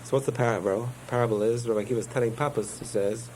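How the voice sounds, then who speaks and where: A man's voice: mid-range voice, fairly even intonation, racing, hardly any pauses, darkish tone, slight background noise, low-quality recording. A man giving a spoken Torah lesson, telling parables with digressions and self-corrections. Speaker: rabbi teaching a class.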